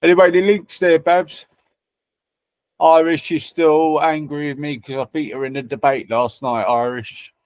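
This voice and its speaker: A man's voice: a little high, steady tone, measured pace, a little mellow, no room sound. A man hosting a livestream, chatting casually and teasing viewers with banter and swearing. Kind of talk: casual chat.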